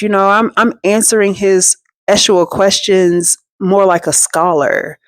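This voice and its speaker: A woman's voice: on the low side, fairly even intonation, normal speed, few pauses, dry recording, clean studio sound. A woman telling a personal story to her viewers in a chatty, slangy, playful way, with frequent asides. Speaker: storytime vlogger. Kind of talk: casual storytelling.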